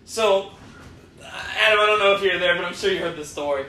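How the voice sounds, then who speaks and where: High bright young man, off-mic. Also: quick pace, distant mic. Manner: profane, animated storyteller. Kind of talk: casual storytelling chat. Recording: echoey room, voice a bit off-mic, faint noise.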